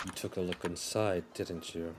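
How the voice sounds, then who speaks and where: A man voicing a stern, suspicious young woman guarding a door, brisk and scolding. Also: deep voice, fairly even intonation, over music, close to an everyday voice. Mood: accusing.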